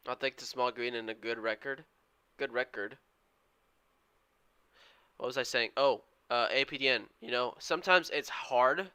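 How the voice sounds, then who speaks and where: A man's voice: mid-range voice, sharp tone, smooth. A man streaming his day trading live, giving a running play-by-play and urging the price moves on to his viewers. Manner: eager, urges price moves on.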